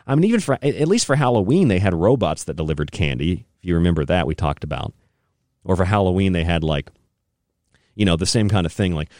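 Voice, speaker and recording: A young adult podcast host with a deep voice who rants in a casual, loose way and breaks into laughter often. The sound is dry and close, with no room echo. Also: male voice, lively intonation, fairly quick, a little mellow. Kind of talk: casual rant.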